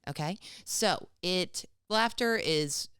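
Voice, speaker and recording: A woman from the United States co-hosting a casual comedy podcast, a lively storyteller who laughs often as she talks. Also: on the low side, slow, clean tone, dry recording, clean studio sound. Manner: laughs often while telling stories. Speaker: podcast co-host.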